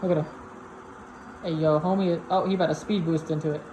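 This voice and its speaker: Chatting to a robot vacuum as though it were a person, a product reviewer unboxes it at home in a slangy, casual way. Her low voice is steady in tone and brisk, and the home recording is noisy.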